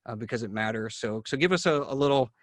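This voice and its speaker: A man's voice: mid-range voice, lively intonation, fast talker, dry recording. A man hosting a conversation, telling a long story with many fillers and restarts. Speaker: neurologist host. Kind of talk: casual video-call conversation.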